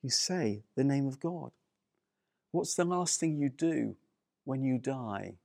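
Slow, gravelly-voiced male preacher. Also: medium pitch, expressive, darkish tone, no echo, studio quality. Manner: emphatic, repeats key phrases. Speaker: pastor. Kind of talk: sermon.

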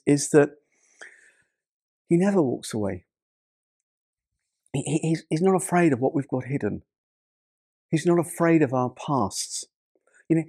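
A male pastor delivers a sermon in a gravelly, textured voice. The sound is dry and close, with no room around it. He often repeats words as he starts a thought, then rises into loud, dramatic bursts before dropping low again. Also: no echo. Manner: repeats words when starting sentences, dramatic shifts in pitch and loudness.

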